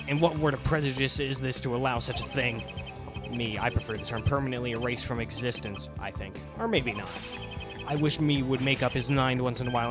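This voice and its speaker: A man's voice: medium pitch, natural voice. Man doing an unhinged mocking villain. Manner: theatrical, gleeful, erratic. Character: unhinged male prisoner villain, rambling and mocking. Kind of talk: let's play voice acting. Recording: game music behind voice. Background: game music.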